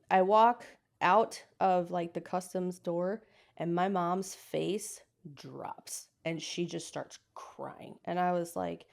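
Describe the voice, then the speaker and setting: Woman in her 30s, interview guest, lively storyteller who does the voices of people she quotes. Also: fairly low pitch, slow pace, creaky. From United States.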